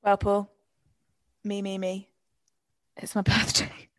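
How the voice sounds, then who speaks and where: A woman's voice: mid-range voice, completely flat delivery, takes it slowly, a bit bright, no echo. Giggly British woman telling stories. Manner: giggly storyteller, swears casually. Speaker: podcast co-host. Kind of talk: casual podcast chat.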